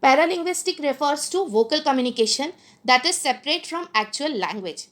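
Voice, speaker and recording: A woman, a teacher giving a recorded lecture, explaining points slowly and repeating them with fillers. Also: high voice, animated, a bit bright.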